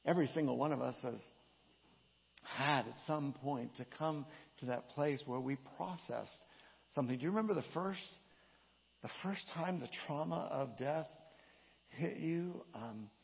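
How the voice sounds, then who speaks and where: The preacher's voice sits on the high side and sounds gravelly and husky. Speaking slowly and emphatically in a dull, echoey hall, he reads scripture aloud with dramatic inflection of his own.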